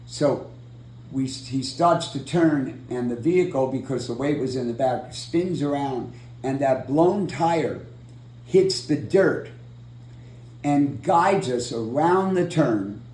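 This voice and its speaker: A man telling a long personal story in an oral history interview, acting out the quotes with lively energy. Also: mid-range voice, roomy sound, rough recording. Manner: animated storyteller, acts out quotes. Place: room in San Diego.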